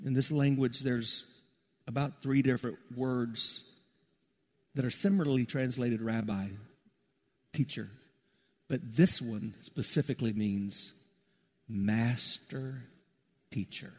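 Emphatic preacher in a reverberant hall. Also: male voice, steady tone, takes it slowly, pauses often. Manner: swings from loud emphatic peaks to soft low asides. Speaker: pastor. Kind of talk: sermon. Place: church sanctuary. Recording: long reverb of a large hall.

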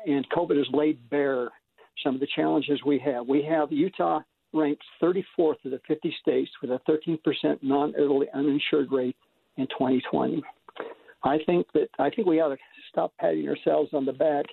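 A man's voice: fairly high pitch, vocal fry, breathy edge, dry recording. A man calling in to a radio show, making an earnest case and citing figures. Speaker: caller. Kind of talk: caller on talk radio. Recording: phone line.

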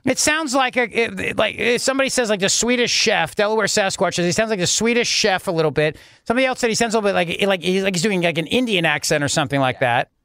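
Male talk radio host, sarcastic and indignant, higher voice, dry close studio mic. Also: fast, few pauses, a bit bright, dry recording. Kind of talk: opinionated talk radio commentary.

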